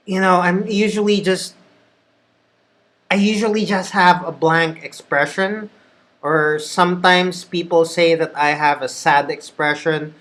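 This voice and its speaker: A man's voice: sits high, a bit bright. A man with a Filipino accent, a call center trainer who gives patient instruction and repeats his key points. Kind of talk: instructional talk. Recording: echoey room.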